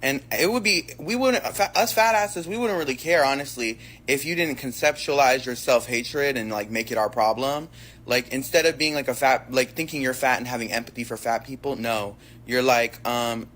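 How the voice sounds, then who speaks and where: A man's voice: mid-range voice, normal speed, fairly bright tone. A man giving a sassy, slangy monologue to camera, brash and full of profanity. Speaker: social media commentator.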